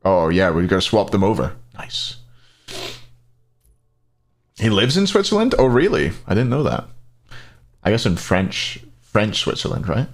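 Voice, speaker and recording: Man, casual esports stream host, lively up-and-down pitch, chatty and relaxed, answers chat. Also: a little slow, pauses often.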